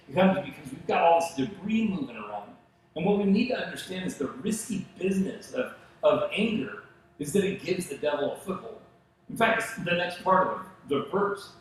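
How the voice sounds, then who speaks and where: A male pastor preaching a sermon, telling stories in an animated way and acting out the voices of the people he quotes. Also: fairly high pitch, very echoey, slight background noise, poor audio. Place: church sanctuary.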